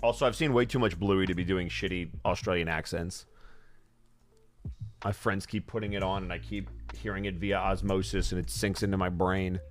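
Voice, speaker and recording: A male voice actor in a casual live question-and-answer chat while signing autographs. He talks in a joking, animated way and often jumps up in pitch. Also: normal speed, soft background music.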